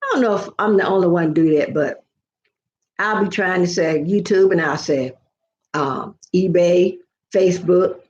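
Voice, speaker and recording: A woman's voice: on the low side, unhurried, darkish tone. An older woman, chatting playfully and rambling with repeated words on a casual home live stream. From American South. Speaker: vlogger. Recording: echoey, dull lo-fi home recording.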